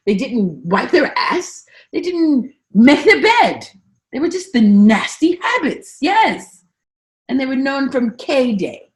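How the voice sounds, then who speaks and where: A woman comedian playing a daffy, rambling woman politician in a satirical spoof monologue. The figure repeats herself and punctuates her thoughts with deadpan 'yes' asides. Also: high voice, heavily acted. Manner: swings from hushed asides to sudden loud outbursts.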